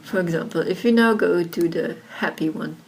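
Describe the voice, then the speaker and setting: A woman's voice: lowish voice, normal speed, gravelly, darkish tone, slight background noise. Chatty woman on a laptop mic. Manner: chatty, many fillers like "like" and "you know". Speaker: software tutorial presenter. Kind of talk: casual screen-recorded tutorial. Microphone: built-in laptop microphone.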